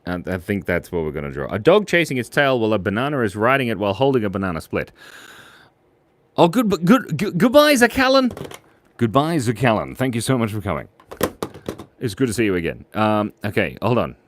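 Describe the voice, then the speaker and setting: Playful man hosting a lively drawing stream. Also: lowish voice, brisk, no room sound. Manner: playful, goofy, talks to the chat. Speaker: channel host drawing viewer suggestions. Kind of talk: casual live-stream chat while drawing.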